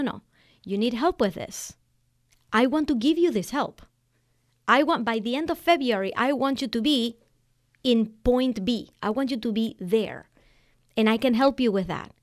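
Animated woman coaching podcast host. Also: on the high side. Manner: emphatic, conversational, acts out clients' quotes. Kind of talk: energetic solo podcast advice.

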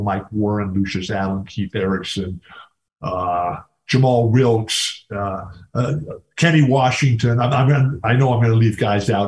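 Older American man, podcast guest, rambling and enthusiastic, mid-pitched voice. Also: darkish tone. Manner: rambling, enthusiastic, repeats words. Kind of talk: casual storytelling interview.

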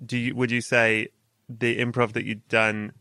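An English man hosts a relaxed chat, his tone bright and forward as he teases and laughs along with his guest. The recording is close and dry, with no room around the voice. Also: mid-range voice, a little slow, dry recording. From England. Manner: chatty, laughs easily, playful asides. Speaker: podcast host. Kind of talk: casual interview chat.

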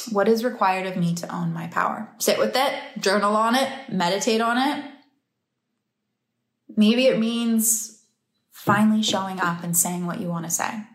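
A woman gives an earnest, heartfelt motivational talk. She speaks casually and laughs easily as she goes. The room around her has a roomy echo. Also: mid-range voice. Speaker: breathwork and meditation teacher.

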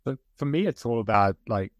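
A man's voice: mid-range voice, animated, a little fast, no echo, clean studio sound. A man who is a guest author and coach, speaking earnestly and motivationally in a podcast interview with many "like"s.

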